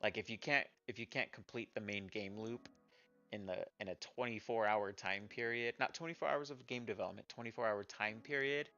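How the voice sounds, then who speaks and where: A man's voice: on the low side, fairly quick, pushed and bright, dull audio, soft background music. A man casually talking about the small games he has made, rambling and self-deprecating with many fillers. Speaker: indie game developer and streamer. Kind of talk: casual chat showing his games.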